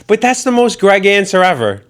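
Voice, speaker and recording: Podcast host guy, smooth clear voice, laughs along and keeps the convo moving. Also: high voice, very animated, normal speed, a bit bright. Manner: laughs easily, agreeable, steers the talk. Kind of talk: casual banter.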